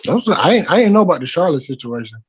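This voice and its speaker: A man co-hosting a podcast, chatting in an animated, teasing way with frequent stammered restarts. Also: fairly high pitch, rapid-fire, slight background noise. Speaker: podcast co-host. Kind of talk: casual chat.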